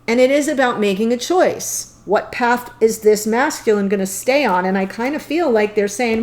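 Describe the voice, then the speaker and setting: A woman's voice: a little high, moderate pace, hardly any pauses, darkish tone. A woman doing a tarot reading to camera, playful and chatty, often breaking into giggles. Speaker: tarot reader.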